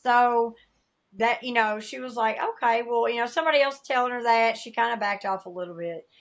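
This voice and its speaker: A woman's voice: on the high side, a little fast, lo-fi sound. A woman with a Southern US accent, a podcast guest sharing a personal testimony, candid and emotional, acting out the voices she quotes. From American South.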